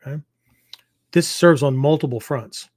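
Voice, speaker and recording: A man's voice: a little high, measured pace, darkish tone, no room sound. A man hosting a martial arts podcast, explaining ideas in a loose, rambling way with many fillers and frequent "okay?" check-ins. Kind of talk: casual teaching talk.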